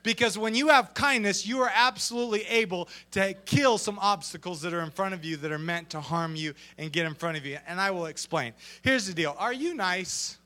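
Bright, high-voiced excitable preacher man. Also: fairly quick, hardly any pauses. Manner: animated and joking, acts out voices. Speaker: pastor. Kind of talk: energetic sermon.

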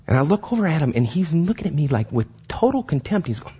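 A man preaching a sermon as pastor, animated, acting out voices and often restarting his sentences. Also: a little high, quick pace, slightly rough, dull audio.

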